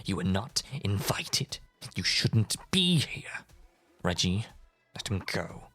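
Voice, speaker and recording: A man's voice: low voice, very animated, takes it slowly, fairly bright tone, husky, soft background music, exaggerated voice. A man voicing a furious young party host with a Southern US accent, swearing as he throws someone out. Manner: angry, swearing, with a drawl.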